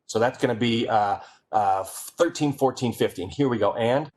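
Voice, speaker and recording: A man giving a playful, energetic comic presentation and speaking straight to his audience. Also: mid-range voice, moderate pace. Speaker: keynote speaker. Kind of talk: comedic presentation.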